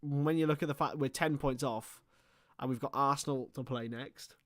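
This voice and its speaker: A man's voice: medium pitch, fairly even intonation, normal speed, fairly bright tone, dry recording, studio quality. A young man hosting a live football watchalong, chatting casually and teasing his co-host. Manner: banterful, teasing, explains league rules.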